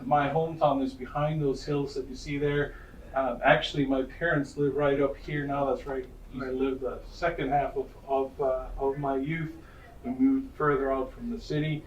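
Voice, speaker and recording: A Norwegian-accented man tells childhood stories at a presentation, chatty and self-deprecating, tripping over his words now and then. His voice sits at a middle pitch. It was recorded from a distance in an echoey room with faint background ambience. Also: flat delivery, moderate pace, dull audio, a little hiss or hum. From Norway. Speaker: college counselor giving a presentation. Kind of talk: casual storytelling presentation.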